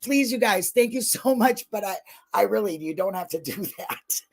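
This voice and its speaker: A woman's voice: medium pitch, lively intonation, normal speed. A woman talking in a casual livestream chat about true crime, emotional and effusive, blunt and not shy about swearing. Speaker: true crime channel guest.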